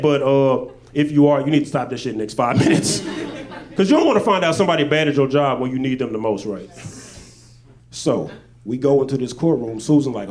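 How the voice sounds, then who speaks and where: A man from Arkansas, doing stand-up storytelling on stage with laid-back, deadpan asides. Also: mid-range voice. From Little Rock, Arkansas. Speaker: stand-up comedian. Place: stage at a live show.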